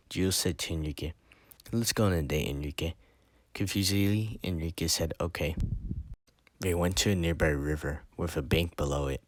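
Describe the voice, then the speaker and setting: Man reading his homemade story, very low voice, dry close sound, earnest with small stumbles. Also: dry recording.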